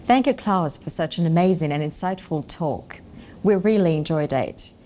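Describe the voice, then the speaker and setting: A woman's voice: sits low, moderate pace, warm tone. Polite woman interviewer, faint hiss. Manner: polite, reads prepared lines. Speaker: interviewer, show host. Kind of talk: scripted interview questions and outro.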